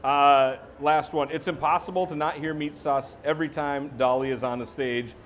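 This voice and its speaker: A man's voice: on the high side, fairly even intonation, moderate pace, a bit bright, a little hiss or hum. A man co-hosting a casual podcast, eagerly asking questions and hyping up his partner. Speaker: co-host.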